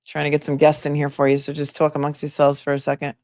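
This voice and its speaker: A woman attorney hosting a casual livestream, chatting and reading out viewer comments with quick asides. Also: low voice, monotone, darkish tone, no room sound. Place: home in a remote area.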